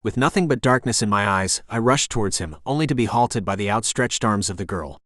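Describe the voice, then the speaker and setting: A man narrating a romance audiobook in the first person with steady, intense storytelling on a close studio mic. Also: on the low side, fairly quick, few pauses, no echo.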